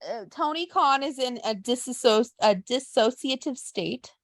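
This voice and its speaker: A woman co-hosting a casual podcast who swears freely and retells events with quick quoted asides. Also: high voice, expressive, dry recording. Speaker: podcast co-host. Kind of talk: casual chat.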